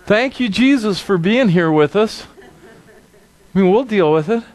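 A male pastor preaching a sermon with emphatic, dramatic delivery. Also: slow. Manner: animated, emphatic, dramatic drops to a low voice.

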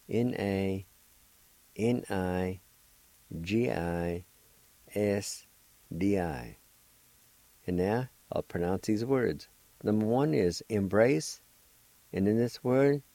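A man's voice: lowish voice, warm tone, no room sound, rough recording. A man hosting a radio language lesson, spelling out words letter by letter and repeating each syllable patiently. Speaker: language teacher and radio host.

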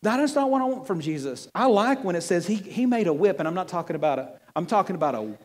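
A man preaches to a congregation with an animated, joking delivery, often stumbling over and repeating words. His voice sits high for a man. The sound carries a long reverb from the hall. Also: quick pace. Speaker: pastor. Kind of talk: sermon. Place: church hall with audience.

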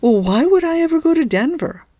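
A woman's voice: high-pitched, sing-song, fairly quick, mellow, dry recording, studio quality, voice pushed up. A woman voicing a headstrong, arrogant young woman who speaks insistently and emphatically in a storybook reading. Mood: indignant.

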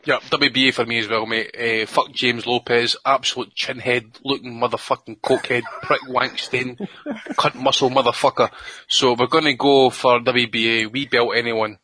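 A man's voice: medium pitch, steady tone, moderate pace, sharp tone, slight background noise, poor audio. Profane Scottish man telling rowdy stories. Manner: profane, rambling, laughs through his stories. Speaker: podcast co-host. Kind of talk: crude storytelling in casual chat.

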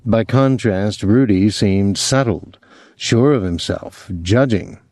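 A man narrating a novel as an audiobook, reading in a measured, expressive way. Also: lowish voice, no room sound, studio quality. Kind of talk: scripted narration.

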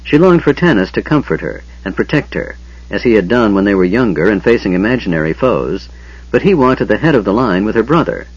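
A husky, low-pitched male voice narrates a fantasy audiobook, with an animated rise and fall in his pitch. The recording is dull and lo-fi, with the top end muffled. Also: fairly quick, no room sound. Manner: expressive, dramatic storytelling.

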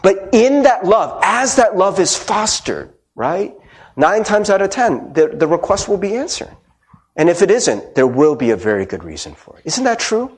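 A man's voice: high voice, moderate pace. A male pastor preaching a casual, conversational sermon, often checking in with the congregation and acting out quoted voices. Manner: animated, conversational, frequent "right?" asides.

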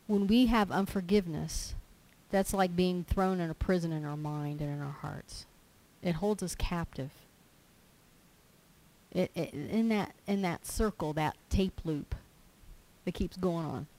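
A woman's voice: on the low side, measured pace, a little mellow, rough recording. A woman preaching a sermon, reading a scripture passage aloud and explaining it, sometimes acting out everyday complaints in character. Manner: reads scripture aloud then applies it, acting out quoted complainers.

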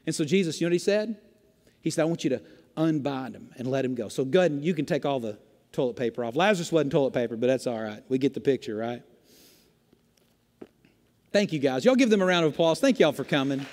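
A man's voice: mid-range voice, lively intonation, quick pace, darkish tone. A male pastor preaching a sermon with emphatic rhetorical questions and repetition, in a church sanctuary. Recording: long reverb of a large church hall.

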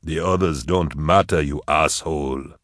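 A man's voice: very deep voice, fairly even intonation, unhurried, a bit bright, no echo, studio quality, voice pushed down. A man voicing a sneering, short-tempered mobster boss who snaps at his crew. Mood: contemptuous. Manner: snapping, contemptuous.

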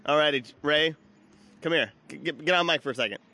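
A man's voice: fairly high pitch, fairly quick, sharp tone. A man hosting a casual podcast recorded at a brewery, loose and profane, laughing often. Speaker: podcast host. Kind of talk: casual party-game banter.

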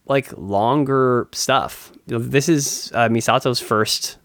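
A man's voice: medium pitch, slow, fairly bright tone, no room sound, studio quality. A man co-hosting a podcast in casual chat, rambling with many fillers and restarts. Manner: laughs often. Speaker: podcast co-host.

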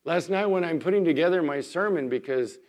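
A man, a pastor, giving a sermon in church, telling everyday stories in a conversational way with lively emphasis. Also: a little high, a little fast. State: recovering from illness.

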